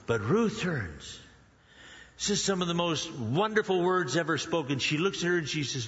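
Male preacher, animated sermon storyteller, slightly high voice, dull reverberant church sound. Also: moderate pace. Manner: animated storytelling, acts out biblical characters in quoted voices.

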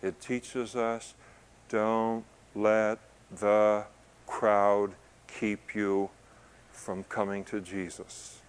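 A man preaching a conversational sermon, joking in asides, building to loud emphasis and then easing down soft. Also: lowish voice, little pitch movement, very slow, clear, resonant tone. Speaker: pastor. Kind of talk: expository sermon to a congregation.

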